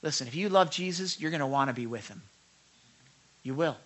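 Speaking a little fast in a fairly high pitch, this male pastor delivers a sermon that feels like a conversation. He puts questions to the congregation and gives quoted lines lively, acted-out voices.

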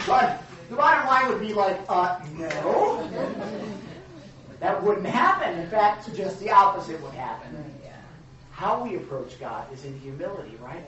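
A man co-hosting a casual Bible teaching, animated and joking, with emphatic rhetorical questions. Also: high voice, measured pace, lo-fi sound, a crowd in the background. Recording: echoey room from a distance.

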